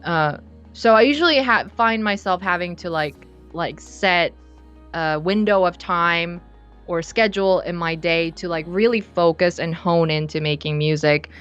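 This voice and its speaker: A young woman from South Korea, chatting casually in an interview, relaxed and rambling with many fillers and restarts. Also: fairly low pitch, measured pace, smooth, highs cut off, soft background music. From Seoul, South Korea. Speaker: musician guest. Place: her bedroom studio.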